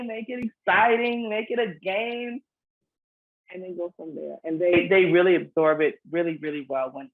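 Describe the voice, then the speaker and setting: A woman's voice: fairly low pitch, vocal fry. A woman, a children's book author, explaining things earnestly in a casual interview, often restarting her phrases. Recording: phone-like narrow sound.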